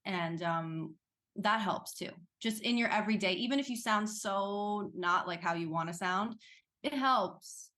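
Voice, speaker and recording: A woman actress speaks as an interview guest in a chatty, animated way. Her voice sits at a middle pitch and she laughs easily between thoughts. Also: a little slow. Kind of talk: casual interview talk.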